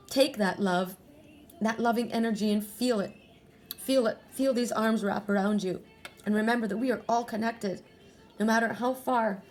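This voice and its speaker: A woman's voice: fairly high pitch, steady tone, unhurried, long pauses, faint music behind. A woman giving a spiritual oracle card reading to her viewers. She is earnest and emotional, often restarts and repeats phrases.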